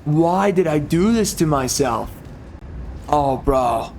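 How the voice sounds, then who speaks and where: A man's voice: fairly high pitch, expressive, slow, creaky, darkish tone, slight background noise. A young man giving casual game commentary, complaining with frustration and stammering restarts. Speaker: gamer.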